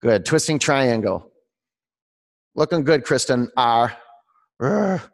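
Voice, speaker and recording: A man's voice: mid-range voice, animated, slow, gravelly, long reverb tail. A man teaching a live yoga class, calling out poses and counting breaths, joking with his students by name. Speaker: yoga instructor. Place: yoga studio, large room.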